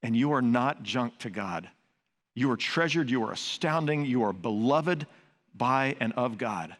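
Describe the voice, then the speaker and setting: A man's voice: medium pitch, animated, measured pace, a bit bright. An older man preaching a sermon, earnest and conversational, mixing teaching with personal stories. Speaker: pastor. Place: large church sanctuary. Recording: long reverb of a large sanctuary.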